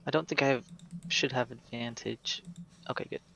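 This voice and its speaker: A man chatting casually as a player at a tabletop game, upbeat and quick to laugh. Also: medium pitch, steady tone, creaky, background noise. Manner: upbeat, laughs between lines.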